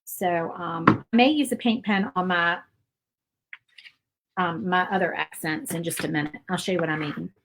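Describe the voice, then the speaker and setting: A woman hosting a casual painting tutorial. She is chatty and rambles, thinking out loud with fillers and little asides. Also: fairly low pitch, normal speed, vocal fry, heavy background noise. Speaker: craft channel host.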